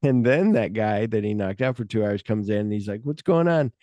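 Man, lowish voice, mellow tone, dry close sound, casual podcast co-host, animated scene retelling, hums music bits. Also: fairly quick, no echo. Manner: swears casually. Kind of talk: casual film discussion.

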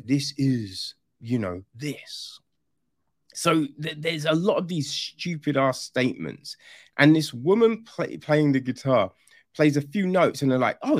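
A film reviewer rambles casually through a spoken review, sarcastic and incredulous, swearing freely, restarting often and repeatedly asking "right?" His voice is a little high, and the studio recording is clean with no room sound.

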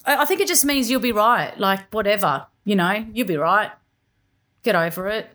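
An Australian woman co-hosting a podcast, asking lively questions in casual chat. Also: medium pitch, normal speed. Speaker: podcast co-host.

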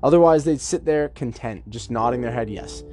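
Man, mid-pitched, talking solo on a podcast, chatty and reflective, soft music faintly underneath. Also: brisk. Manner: chatty, acts out imagined dialogue. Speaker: podcast host. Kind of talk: casual self-help monologue.

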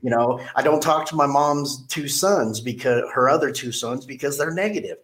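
A man's voice: medium pitch, normal speed, fairly bright tone. Blunt, rambling male podcast host. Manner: blunt, rambling storyteller with many restarts. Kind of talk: casual podcast chat.

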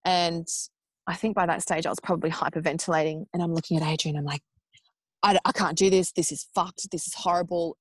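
An Australian woman in her thirties, a podcast guest telling a personal story in a casual, animated way, acting out what people said. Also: lowish voice, a little fast, husky, no echo. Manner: animated, acts out quoted speech in raised voices; chatty with frequent fillers like "like" and "um".

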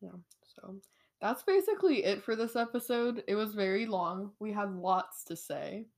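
A woman's voice: mid-range voice, animated, moderate pace. A young woman chats about a book on a podcast with a friend. She leans on "like" and keeps slipping into the characters' voices as she retells scenes. Her laughter keeps breaking in. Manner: giggly, says "like" a lot. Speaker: podcast co-host. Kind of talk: casual book chat.

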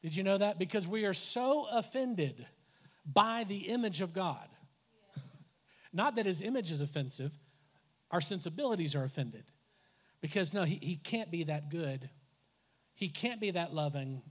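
Man, pastor, high voice, animated conversational sermon, acts out quotes. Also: normal speed, pauses often. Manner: animated, conversational preaching with laughs and asides.

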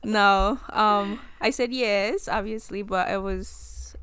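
A young woman co-hosting a podcast, chatting casually, excitable and giggly with lots of fillers. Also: mid-range voice, takes it slowly, smooth, no echo. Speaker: podcast co-host. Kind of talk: casual chat.

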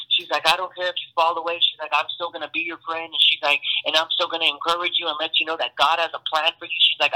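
A man's voice: on the high side, sharp tone, rough recording. A young man giving an earnest personal testimony as a podcast guest, talking casually with many fillers. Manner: earnest, storytelling with lots of fillers.

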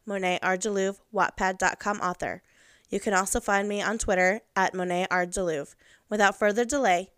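A woman author reading her own fan fiction aloud in a steady, plain voice. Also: medium pitch, clear, resonant tone. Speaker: author and reader.

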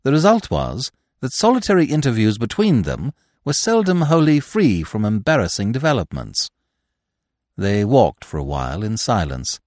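A man narrating classic fiction in an expressive storytelling manner. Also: mid-range voice, normal speed, dry recording, clean studio sound.

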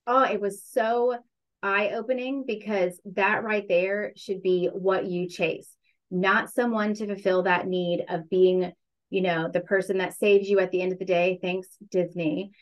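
A woman's voice: mid-range voice, steady tone, a little slow, rough recording. A woman guest in a casual interview, speaking candidly and reflectively, stretching words for emphasis.

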